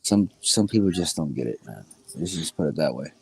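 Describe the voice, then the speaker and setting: A man speaking as a guest on a livestream panel, relaxed and rambling, full of fillers. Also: rumbling low, brisk, creaky, husky. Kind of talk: casual chat.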